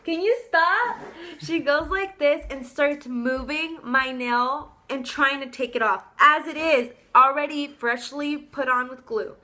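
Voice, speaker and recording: Young woman vlogger, high and bright, indignant casual storyteller. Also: measured pace, few pauses. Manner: animated, indignant, casual slang. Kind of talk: storytime vlog.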